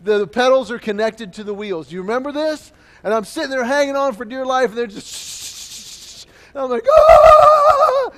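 A man preaching a sermon, telling a childhood story with lively acted-out voices and quotes. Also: very high voice, moderate pace. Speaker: pastor.

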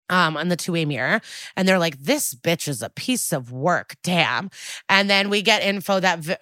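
A woman's voice: fairly low pitch, bright, forceful tone, dry recording. A woman co-hosting a podcast, recapping an episode in a chatty, wry way and acting out the quoted lines. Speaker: podcast co-host.

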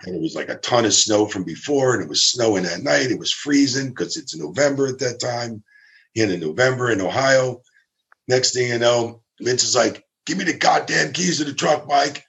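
Guy with a gravelly voice spinning an old road story, keeps jumping up in pitch to do the other people. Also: normal speed. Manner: animated, acts out quotes with big pitch jumps. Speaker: former ring crew member telling stories. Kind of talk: casual storytelling chat.

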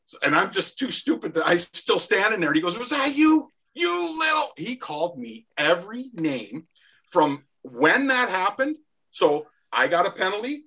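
A man's voice: high voice, sing-song, normal speed, bright, forceful tone, husky. A Canadian man in his sixties, a former hockey player, telling rambling anecdotes as a podcast guest and acting out the voices in them. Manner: rambling anecdotes with laughs, acts out quoted voices. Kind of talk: casual storytelling.

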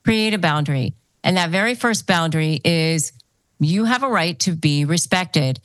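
A woman's voice: lowish voice, expressive, moderate pace, no room sound. A woman hosting a podcast interview who gives advice in an explanatory way and repeats key phrases for emphasis. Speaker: podcast host.

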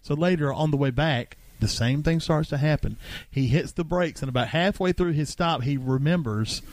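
A man's voice: a little high, moderate pace, no echo. A man hosting a casual podcast, telling funny stories about a friend and mimicking him along the way. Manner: animated storyteller who mimics friends. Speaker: podcast host. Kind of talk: casual chat, comic storytelling.

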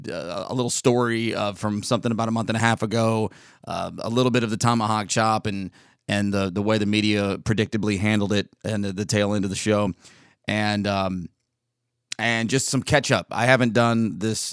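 A man's voice: lowish voice, no echo, studio quality. Man with a slightly worn voice. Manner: rambling and candid, with frequent restarts. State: voice slightly worn from weeks of yelling. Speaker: podcast host. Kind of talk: solo casual podcast monologue.

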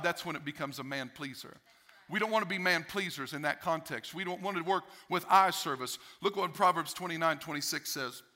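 High bright-voiced preaching man. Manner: emphatic, repeats key phrases. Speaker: pastor. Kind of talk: sermon.

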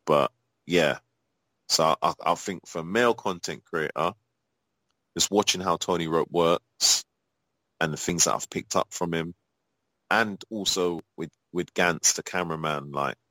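A man's voice: rumbling low, sharp tone, no echo, rough recording. A man from Europe answering interview questions in a casual, rambling way, with many fillers and restarts and blunt, profane talk. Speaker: guest, adult performer.

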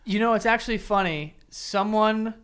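Man, podcast host, casual banter, profane, joking, raised pitch. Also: a bit bright, clear, resonant tone. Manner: loose and profane, quick to joke.

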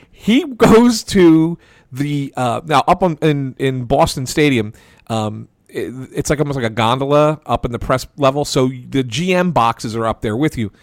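A man telling a casual, animated anecdote as a sports reporter, full of restarts and stammers and acting out the lines of the people in it. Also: fairly high pitch, no room sound, studio quality. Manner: animated anecdote with quoted voices. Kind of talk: casual storytelling.

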